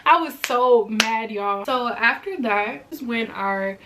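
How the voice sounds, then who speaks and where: A young woman vlogger telling a personal story in a chatty, animated way, often turning to her viewers. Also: on the high side, slow pace, background noise. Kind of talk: storytime vlog.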